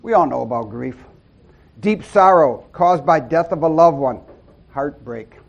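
Earnest, fairly high-voiced man preaching. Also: expressive, measured pace, creaky, muffled recording. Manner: earnest and folksy, breaking into loud whoops and amens. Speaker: lay preacher. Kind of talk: informal sermon to a small group. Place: small church gathering.

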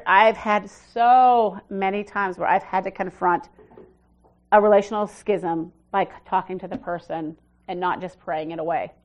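A middle-aged woman pastor preaching a conversational sermon, swinging from emphatic declarations to soft, low asides, with frequent restarts.

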